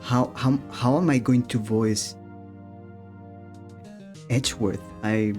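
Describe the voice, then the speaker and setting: A man's voice: mid-range voice, fairly even intonation, slow pace, darkish tone, faint music behind. A man chatting casually while streaming a game, laughing often and restarting his sentences.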